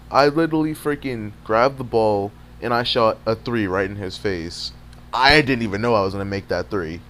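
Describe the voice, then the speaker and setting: A young gaming video creator with a lowish voice casually tells a fight story over gameplay footage. He's animated and profane, full of streetwise slang, with a faint hum in the background.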